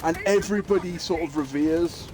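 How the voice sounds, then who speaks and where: A man's voice: a little high, normal speed. Rambling man streaming games. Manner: rambling, lots of fillers and restarts, swears casually. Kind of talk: livestream storytelling and gaming chat.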